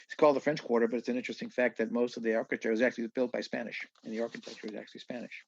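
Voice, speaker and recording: A man from southeast Louisiana, a guest on a podcast, telling stories in an animated way with many restarts and asides. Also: mid-range voice, racing, creaky, dry recording, lo-fi sound. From southeast Louisiana, USA. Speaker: guest musician. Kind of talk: storytelling in a casual podcast chat.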